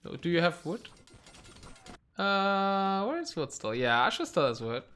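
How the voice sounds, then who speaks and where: Casual stream caster, animated delivery, reacts live; desk mic, typing behind. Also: medium pitch, unhurried, smooth. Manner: chatty, thinks aloud, reacts to live play. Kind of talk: live game commentary.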